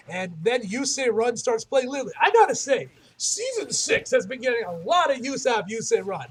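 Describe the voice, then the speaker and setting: A man's voice: high voice, very animated, a little fast, hardly any pauses. A young man recapping an anime episode in casual talk, rambling with many restarts and self-corrections. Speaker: anime reviewer.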